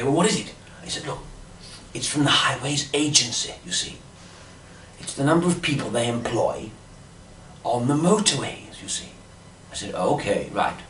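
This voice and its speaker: A man's voice: on the low side, a bit bright, echoey room, far from the mic, a little hiss or hum. A man telling a rambling comic monologue in a dotty, fussy manner, full of "you see" asides. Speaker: comic storyteller.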